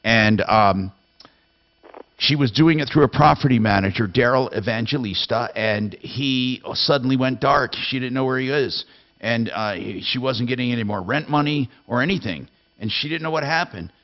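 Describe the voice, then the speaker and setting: Man, radio host, blunt, stern, mid pitch, muffled lo-fi broadcast. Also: moderate pace. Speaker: radio consumer advice host. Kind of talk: call-in radio talk.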